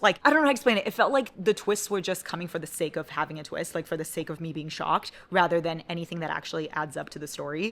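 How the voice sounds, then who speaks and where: A young man chatting casually in a book vlog, profane, excitable and rambling. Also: high-pitched. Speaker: book vlogger. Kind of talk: casual chat.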